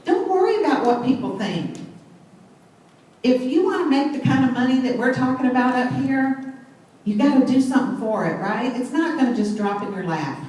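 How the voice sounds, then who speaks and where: A woman's voice: fairly high pitch, warm tone, distant mic. A middle-aged woman, telling an enthusiastic story to a crowd at a sales event. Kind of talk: motivational talk on stage. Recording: very echoey hall, mic set back, faint noise.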